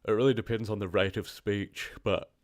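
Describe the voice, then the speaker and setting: A deep-voiced man chats casually with his live-stream viewers. He rambles in a relaxed way and laughs easily. His voice sounds dry and close, with no room echo. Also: moderate pace. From New Zealand. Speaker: horror story narrator and streamer.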